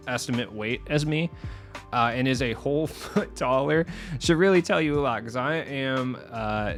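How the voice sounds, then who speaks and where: A young man hosting a casual gaming video, chatty and self-deprecating, laughing at his own jokes. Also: medium pitch. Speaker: gaming YouTuber host. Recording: faint music behind voice.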